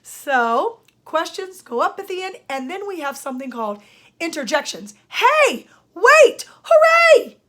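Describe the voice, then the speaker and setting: An older woman, a speech-language pathologist, giving a grammar lesson at a whiteboard and speaking slowly and with emphasis. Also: high voice, lively intonation, fairly bright tone. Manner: slow, emphatic teacher talk. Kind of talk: grammar lesson for parents and students.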